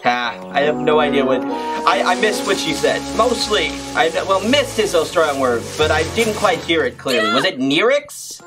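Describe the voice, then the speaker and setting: A man's voice: on the high side, big pitch swings, normal speed, loud music behind the voice. A man casually commenting on a cartoon, rambling and hesitant but enthusiastic. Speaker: reaction video host.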